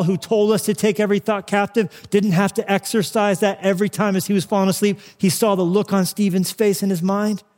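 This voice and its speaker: Fervent preacher in a reverberant church. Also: male voice, high voice. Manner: fervent, repeats phrases for emphasis, swings from loud to hushed. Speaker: pastor. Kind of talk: impassioned sermon.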